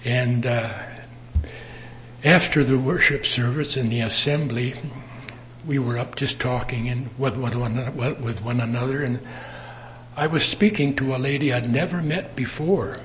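A man preaching a sermon in an earnest manner, with emphatic rises and soft drops. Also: medium pitch, unhurried, slight background noise. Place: assembly worship.

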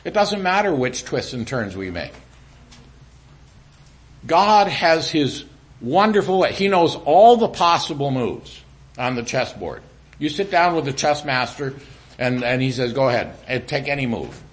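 A middle-aged man preaching a sermon in an animated way, dropping to a hushed voice when he speaks as God. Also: a little high, measured pace, long pauses. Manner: animated preaching, drops to a quiet voice for God's lines. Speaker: pastor.

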